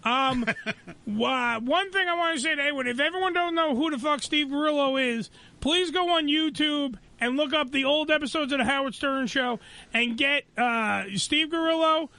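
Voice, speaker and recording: A man's voice: very high voice, normal speed, pushed and bright, no echo. A man hosting a radio show, joking, swearing and laughing often in casual banter on a studio mic.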